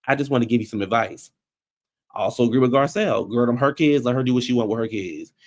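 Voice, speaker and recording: A man giving casual, blunt recap commentary on a reality show, animated and slangy. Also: quick pace. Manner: animated, acts out quotes in high voices.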